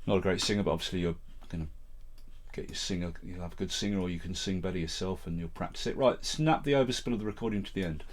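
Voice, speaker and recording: A man with an English Midlands accent who teaches music production, talking step by step through a screen-recorded software tutorial. He speaks in a plain, matter-of-fact way into a close vocal mic in a home studio. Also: deep voice, fast. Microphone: vocal mic set up close and loud.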